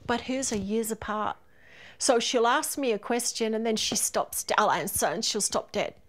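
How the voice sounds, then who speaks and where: A middle-aged woman, a mother, speaking candidly and animatedly in an interview. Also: on the high side. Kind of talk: casual interview.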